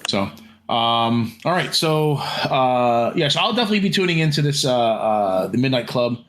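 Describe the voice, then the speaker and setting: A man's voice: medium pitch, expressive, normal speed, a bit bright. A man co-hosting a podcast in casual chat, rambling with many fillers and restarts and some casual swearing. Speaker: podcast co-host.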